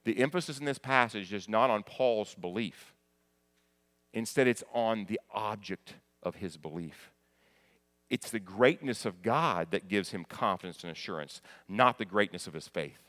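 A middle-aged male pastor preaching a conversational sermon, moving between quiet explanation and loud, emphatic passages. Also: on the low side, lively intonation, normal speed.

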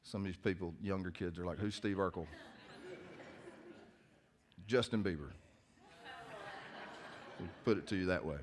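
A man's voice: sits low, fairly quick, long pauses, a faint crowd. A male pastor preaching a sermon in church, in a conversational, joking storytelling manner.

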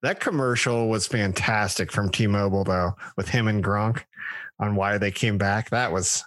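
A man's voice: lowish voice, moderate pace, a bit bright, no room sound. A man hosting a casual podcast, chatty and reading off a list with frequent restarts. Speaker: podcast host. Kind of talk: casual chat.

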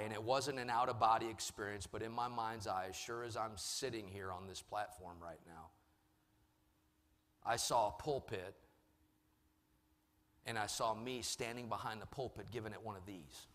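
A man's voice: lowish voice, normal speed. Preacher man in an echoing hall. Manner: storytelling, swings from soft to loud. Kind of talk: sermon. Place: large church hall. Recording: long hall reverb.

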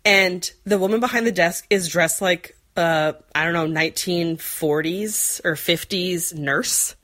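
A woman's voice: fairly low pitch, unhurried, a bit bright. A woman in her forties telling a rambling story in casual chat, full of fillers and playful put-on voices. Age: 40s. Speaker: podcast co-host.

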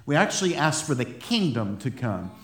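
A pastor delivers a sermon in an echoey church hall. He talks in an animated, conversational way, laughing often and repeating words as he goes. His voice sits at an ordinary pitch for a man. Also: moderate pace.

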